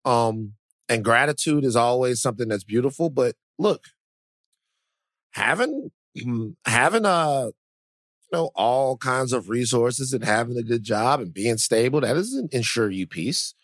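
A man in the middle of his range talks at a podcast mic. His chat rambles along, animated and self-mocking. The sound is close and dry, with no room behind it. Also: mid-range voice, unhurried, no echo. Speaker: podcast co-host. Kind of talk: casual chat.

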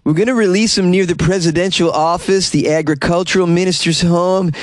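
A man's voice: high voice, steady tone, fairly quick, no room sound, clean studio sound, pitched above the performer's own voice, close to an everyday voice. A man voicing a laid-back stoner farmer who is outraged and drawls, ending lines with "man" and "bro.". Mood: indignant.

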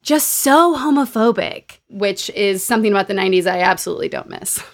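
A woman podcast host in casual chat, telling stories in a chatty, animated way. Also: medium pitch, brisk. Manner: chatty, animated storytelling with laughs and quoted voices. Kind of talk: casual chat recapping a book.

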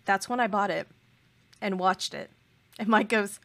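Woman podcast co-host, mid-pitched, casual, emphatic, prone to playful overstatement. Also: measured pace, fairly bright tone. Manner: gushing, emphatic, playful exaggeration. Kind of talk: casual chat.

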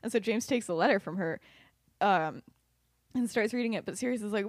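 A woman's voice: medium pitch, brisk, long pauses, dry recording, studio quality. A young woman hosting a podcast, retelling a story casually with lots of giggles and fillers. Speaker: podcast host.

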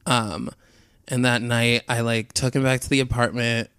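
A man telling a rambling anecdote in casual chat, with lots of "like" and a breathless, animated delivery. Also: medium pitch, normal speed, clean tone, no echo, studio quality.

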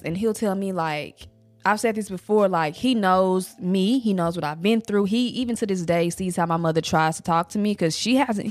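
A young woman and mother talking candidly and emotionally in a personal vlog, casual and conversational. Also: fairly low pitch. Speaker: vlogger, mother.

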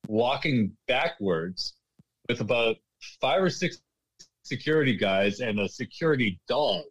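A man's voice: mid-range voice, measured pace, husky, no echo, poor audio. Laughing, rambling male storyteller. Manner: animated storyteller, laughs often, restarts sentences. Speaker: guest, former casino bartender. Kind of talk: casual storytelling interview.

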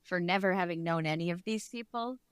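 A woman co-hosting a casual podcast, relaxed, with many fillers and quick agreeing interjections. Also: lowish voice, clear, resonant tone, no room sound. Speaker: podcast co-host. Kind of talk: casual chat.

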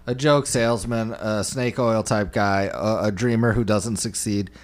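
A man casually talking through a movie with friends, animated, swearing and laughing often. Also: fairly low pitch, measured pace, soft background music. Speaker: podcast co-host.

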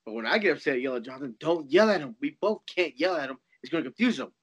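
A man's voice: mid-range voice, lively intonation, rapid-fire, a bit bright, husky. A man chatting with friends, dropping short joking remarks. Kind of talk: casual chat among friends.

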